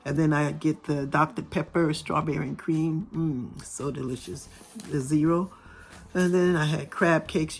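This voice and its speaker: A middle-aged woman vlogger chatting casually with her viewers, her voice still a little raspy and hoarse after a cold. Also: sits low, slight background noise. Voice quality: slightly raspy. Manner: chatty, talks straight to viewers. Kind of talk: casual chat. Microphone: camera filming from overhead.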